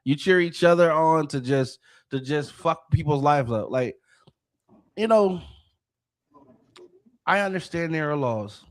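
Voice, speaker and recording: Man, high-pitched voice, podcast host, heated profane rant, frequent restarts. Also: a little slow, pauses often.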